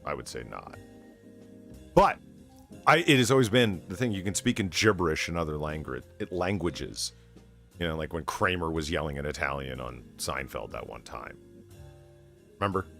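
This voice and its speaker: A man co-hosting a casual podcast, joking and ranting with profane, animated energy. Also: a bass voice, normal speed, vocal fry, pauses often, soft background music. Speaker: podcast co-host.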